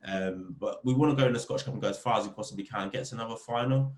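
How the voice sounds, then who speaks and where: A man, a football club captain, chatting as a podcast guest and telling lively stories about the game. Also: very fast. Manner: animated storyteller, rising pitch when telling funny stories. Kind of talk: casual interview chat. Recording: roomy echo.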